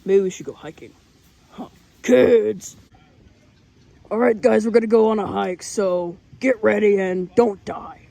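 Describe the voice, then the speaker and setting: A man playing a frantic, high-voiced dad. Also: fairly even intonation, measured pace, creaky, long pauses. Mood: bossy. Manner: shouts in alarm, blunt and teasing. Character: panicky, bossy father on a family hike. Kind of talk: improvised comedy skit.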